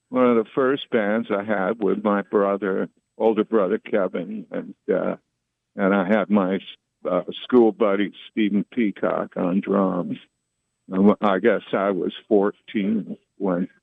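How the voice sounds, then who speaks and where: A man in his sixties speaks slowly and easily, with a low, gravelly voice. His stories come out unhurried. The audio is tinny, like a phone line, and dry. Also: fairly even intonation, no echo. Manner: slow, easygoing storytelling. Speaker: guest musician. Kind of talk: casual interview chat.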